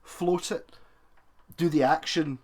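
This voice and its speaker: A man's voice: fairly high pitch, steady tone, slow, darkish tone. A man thinking aloud in chatty, self-mocking commentary while he works on a guitar. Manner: chatty and self-mocking, talks while working with his hands. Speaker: guitar tinkerer, video maker.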